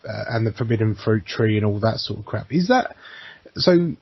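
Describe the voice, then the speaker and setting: A man's voice: on the low side, lively intonation, moderate pace, creaky, breathy edge, dry recording. A man co-hosting a podcast in casual chat, hesitant, restarting and swearing as he asks questions. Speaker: podcast co-host. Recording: dull lo-fi sound, dry.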